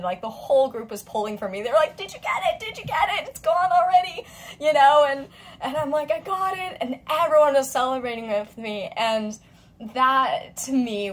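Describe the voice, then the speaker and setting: A woman in her thirties chatting to camera as a vlogger, expressive and talkative, often acting out what others said. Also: mid-range voice, poor audio. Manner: chatty and expressive, voicing quoted friends. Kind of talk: casual chat to camera.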